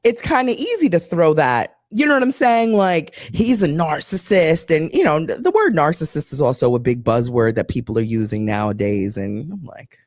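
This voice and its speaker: A woman's voice: low voice, moderate pace, hardly any pauses, no room sound, studio quality. A woman co-hosting a live chat show, telling stories bluntly and swearing often. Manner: animated, blunt storytelling with frequent profanity. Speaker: podcast co-host.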